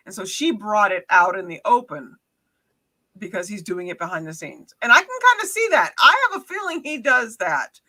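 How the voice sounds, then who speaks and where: Bright-voiced woman podcast co-host. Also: on the high side, poor audio. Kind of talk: casual podcast chat.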